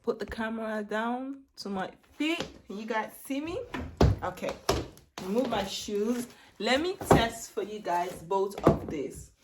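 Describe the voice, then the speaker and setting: A woman in her thirties chatting excitedly and rambling in a casual try-on haul vlog at home. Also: on the high side, unhurried, heavy background noise. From Netherlands. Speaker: beauty vlogger. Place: home room. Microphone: camera set down, handheld mic removed.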